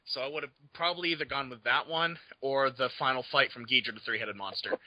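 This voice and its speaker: A man co-hosting a podcast in casual chat, eager and quick to chime in. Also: medium pitch, steady tone, pushed and bright, low-quality recording. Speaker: podcast co-host.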